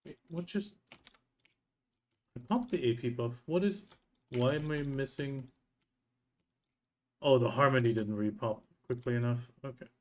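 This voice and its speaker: A man's voice: medium pitch, a little slow, long pauses. A man live-streaming a game, chatting casually and greeting viewers as he plays. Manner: relaxed, talks to himself and greets viewers between game moves. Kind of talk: casual live-stream chat while playing.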